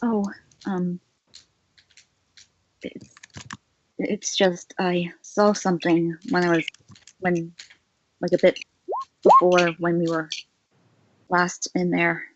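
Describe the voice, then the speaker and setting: A woman playing her character in a tabletop game, speaking hesitantly with many pauses and fillers. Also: on the low side, flat delivery, muffled recording, slight background noise. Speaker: player.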